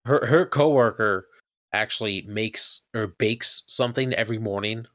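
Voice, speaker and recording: A man's voice: lowish voice, moderate pace, fairly bright tone, dry recording, studio quality. A man from Canada co-hosting a podcast, chatting and joking in a rambling, easygoing way. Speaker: podcast co-host. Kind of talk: casual chat.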